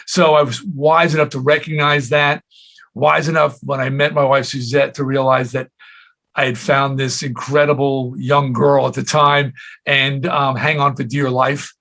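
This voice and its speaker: A rock singer in his sixties tells stories in a casual interview, animatedly jumping into quoted voices as he goes. His voice is gravelly and medium-pitched, at a normal speed.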